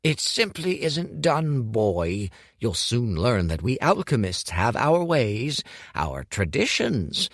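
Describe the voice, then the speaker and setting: A man's voice: mid-range voice, very animated, slow, no room sound, studio quality, voice pushed up, heavily acted. A man voicing a fussy, pompous male alchemist master who makes indignant, theatrical exclamations.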